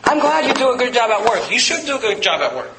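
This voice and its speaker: A man's voice: very high voice, big pitch swings, fast talker, gravelly, echoey room, very noisy. A man preaching a sermon, emphatic and repetitive, pointing his listeners to Bible verses. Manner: emphatic, repeats phrases, directs listeners to verses. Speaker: pastor.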